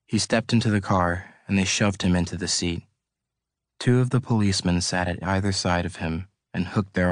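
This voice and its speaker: Deep-voiced man reading an audiobook. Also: no echo, clean studio sound. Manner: measured, steady reading. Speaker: audiobook narrator. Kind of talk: scripted audiobook narration.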